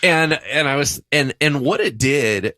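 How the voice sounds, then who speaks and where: A man, a pastor co-hosting a podcast, telling a story about himself in a lively, self-deprecating way. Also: a little high, unhurried, a little hiss or hum. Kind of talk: casual podcast discussion.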